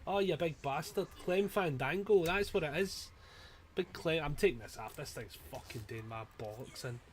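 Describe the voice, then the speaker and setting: Male game streamer, live commentary, excitable, swears a lot, a bit high-pitched. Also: normal speed, slight background noise. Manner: sweary, excitable, given to panicked yelling.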